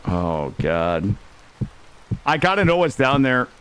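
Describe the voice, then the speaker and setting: A man streaming a game live, excitable, swearing and talking to his chat. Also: mid-range voice, slow, smooth. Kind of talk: live gameplay commentary.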